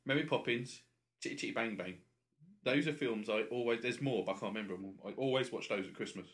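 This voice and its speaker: A man's voice: mid-range voice, quick pace, fairly bright tone. A man co-hosting a podcast, chatting casually in a jokey, rambling way. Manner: jokey, rambling, slips into silly voices. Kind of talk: casual chat.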